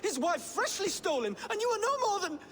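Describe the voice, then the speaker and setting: A sneering young brother. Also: male voice, very high-pitched, very animated, brisk, fairly bright tone, big-room sound, slight background noise, exaggerated voice. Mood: scornful. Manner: sneering and accusing. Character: bitter young man, scornful younger brother.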